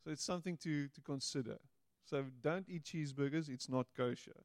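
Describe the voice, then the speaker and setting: A man preaching a sermon, playful and animated, slipping into little voices to act out quotes. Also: fairly high pitch, a little fast, dry recording, studio quality. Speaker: pastor.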